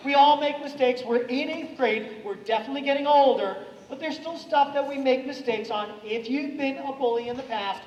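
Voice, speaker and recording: A man giving an energetic anti-bullying talk to students at a school, getting the audience to repeat lines after him. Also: extremely high pitch, muffled recording. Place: school hall or classroom. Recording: echoey hall from far off.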